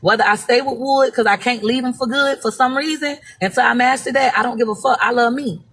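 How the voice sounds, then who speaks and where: A woman's voice: fairly high pitch, brisk, fairly bright tone, breathy edge. A woman from Florida, telling stories bluntly and profanely in a casual live-stream monologue. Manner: blunt, profane, emphatic storytelling. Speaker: social media personality.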